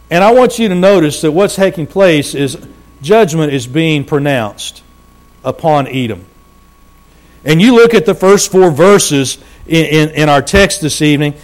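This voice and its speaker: A man preaching a sermon, slowing down for emphasis and dropping his voice low at the ends of phrases.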